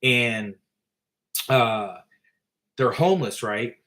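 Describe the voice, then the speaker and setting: A man's voice: medium pitch, expressive, extremely slow, a bit bright. Rambling casual male storyteller. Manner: rambling, filler-heavy. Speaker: author and storyteller.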